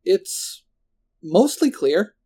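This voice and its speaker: A man's voice: high-pitched, big pitch swings, very slow, mellow, breathy edge, voice pushed up, heavily acted. A man voicing Riley, a blunt tough girl. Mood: urgent. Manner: blunt, swears. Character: bold young woman, tough and blunt.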